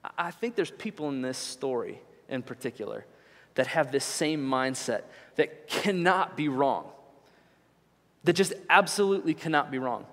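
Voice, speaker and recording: A man in his thirties preaching, telling a story animatedly and then dropping low to reflect. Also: lively intonation, moderate pace. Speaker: pastor. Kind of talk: sermon with storytelling. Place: church hall. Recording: church hall with long reverb.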